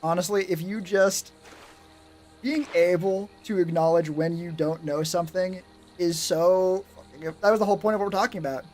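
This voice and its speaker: Streamer guy, high pitch, rambling and sarcastic, swears constantly, faint music bed under him. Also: moderate pace, a little mellow. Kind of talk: casual live-stream chat.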